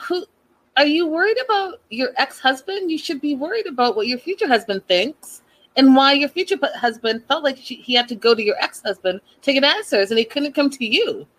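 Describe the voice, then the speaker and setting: A woman hosting a reality TV recap, giving sassy and animated opinions and repeating her points for emphasis. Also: high voice, fairly quick, low-quality recording. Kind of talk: casual opinionated commentary.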